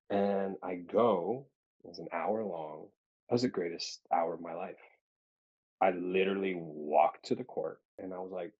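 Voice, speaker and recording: A man, an actor being interviewed, telling personal stories in a lively, casual way, acting out the people he quotes and laughing often. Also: sits low, normal speed, husky, muffled recording. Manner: animated storyteller, acts out quoted voices, laughs often.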